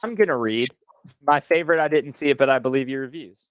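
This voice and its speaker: A man's voice: medium pitch, fast, no echo. A man co-hosting a casual podcast, joking around and laughing often. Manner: joking, laughs often, retells clips in put-on voices. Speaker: podcast co-host. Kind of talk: casual chat.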